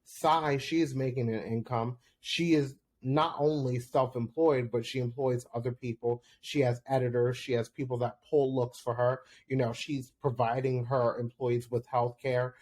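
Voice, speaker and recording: A man hosting his own podcast, recapping reality TV episodes in a chatty, candid way, with quick laughs and sudden jumps up in pitch. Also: steady tone, a little mellow. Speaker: podcast host. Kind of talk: solo recap commentary.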